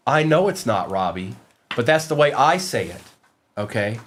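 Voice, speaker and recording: A man's voice: medium pitch, big pitch swings, moderate pace. A man hosting a live card-break stream, calling out cards while chatting and joking with his viewers. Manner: joking, playful asides to chat.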